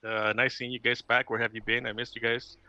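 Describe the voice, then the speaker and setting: A man's voice: medium pitch, level tone, fairly quick, bright, forceful tone, no echo. A man player introducing himself in casual chat, upbeat and scattered with fillers, heard over a video call. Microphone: different camera setup on a video call. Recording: dry, dull lo-fi call audio.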